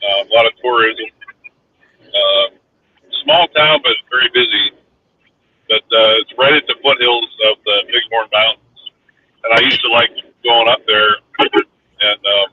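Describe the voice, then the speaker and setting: A man's voice: mid-range voice, a little slow, pauses often, husky. A man hosts a live stream and spins a long, rambling story, full of fillers and small restarts. His voice sits in an ordinary middle register. It comes through thin and phone-like, as if heard from across a room, with a light hiss under it. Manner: rambling, anecdotal, many fillers. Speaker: livestream host. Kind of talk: casual storytelling chat. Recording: distant tinny phone-like line with faint hiss.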